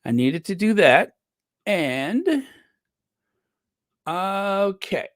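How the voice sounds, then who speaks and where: Slow, chatty live stream host. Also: male voice, high-pitched, big pitch swings, no room sound, clean studio sound. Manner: chatty, greets viewers by name, jokey asides. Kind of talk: casual live chat.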